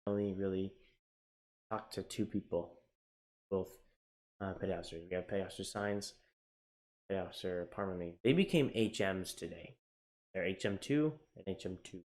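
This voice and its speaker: Candid young man with a low voice. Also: moderate pace, pauses often. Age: young adult. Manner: candid and emotional, swinging from quiet to excited; frequent fillers and restarts, casual swearing. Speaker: navy sailor sharing his journey. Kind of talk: personal vlog storytelling.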